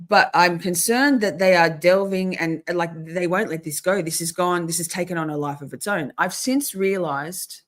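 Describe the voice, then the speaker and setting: A woman's voice: fairly low pitch, moderate pace, few pauses. Fired-up, swearing woman. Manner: profane, fired-up ranting. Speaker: livestream host. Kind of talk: casual livestream chat.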